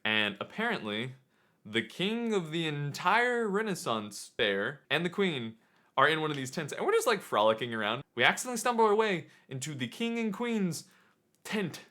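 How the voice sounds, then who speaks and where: A young man casually telling a story to camera, excitable and animated as he retells it. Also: on the high side, moderate pace. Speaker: vlogger.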